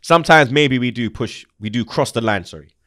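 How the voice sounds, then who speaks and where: Slangy animated young man. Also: mid-range voice, brisk, dry recording, studio quality. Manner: animated, slangy, swears, laughs often. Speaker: football channel host. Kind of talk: casual football chat.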